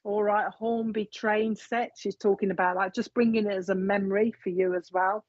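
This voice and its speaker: A woman's voice: mid-range voice, steady tone, fairly quick, darkish tone, no echo. Chatty woman giving readings. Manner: chatty, repeats messages from spirit. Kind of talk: live mediumship reading, casual chat. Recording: dull, dry lo-fi sound.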